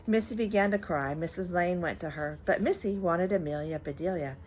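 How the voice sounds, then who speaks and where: An older woman, a grandmother, reading a children's bedtime story aloud in a gentle, lively manner. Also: on the low side, fairly quick, slight background noise, poor audio.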